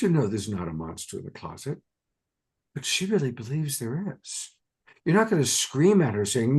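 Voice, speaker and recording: A woman hosting a spiritual conversation, telling an animated coaching story. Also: low voice, moderate pace, slightly rough. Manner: animated storytelling, acting out a child's fear. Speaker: host.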